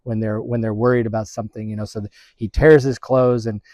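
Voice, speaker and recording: Male pastor, mellow and dry, stop-start sermon delivery. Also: on the low side, level tone, dry recording. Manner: halting, with frequent restarts and fillers.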